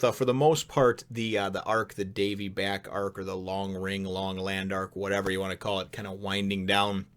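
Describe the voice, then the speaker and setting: A man hosting a casual spoken review, chatty and rambling, who laughs often and gets excitable. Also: lowish voice, moderate pace. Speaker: manga chapter reviewer, show host.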